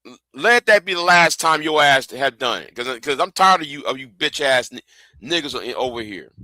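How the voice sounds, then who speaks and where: A man's voice: mid-range voice, animated, moderate pace, sharp tone, dry recording. A man hosting a livestream, ranting angrily and profanely, often repeating himself and stumbling over words. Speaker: livestream host. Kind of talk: heated livestream rant.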